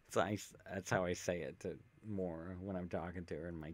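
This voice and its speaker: A man's voice: deep voice, fairly even intonation, moderate pace, few pauses. A man streaming a video game, chatting casually and reading game text aloud with jokey asides, on a desk microphone. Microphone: desk USB microphone with pop filter.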